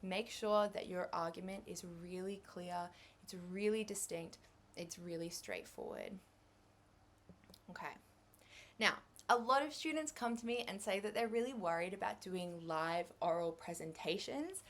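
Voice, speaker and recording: A woman's voice: on the low side, big pitch swings, unhurried, fairly bright tone. Upbeat young Australian woman lecturing. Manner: upbeat, chatty, gives tips with examples and light laughs. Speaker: English exam lecturer. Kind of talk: recorded revision lecture.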